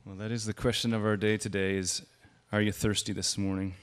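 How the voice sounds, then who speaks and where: A man's voice: lowish voice, level tone, fairly quick, smooth. A man giving a sermon as a guest preacher, speaking conversationally and raising his voice for quoted lines.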